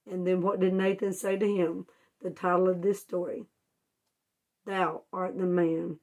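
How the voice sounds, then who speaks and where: A woman with a warm tone and a fairly low voice teaches children a Bible story at a moderate pace. She uses homespun, informal words and asks the kids questions, then answers them herself.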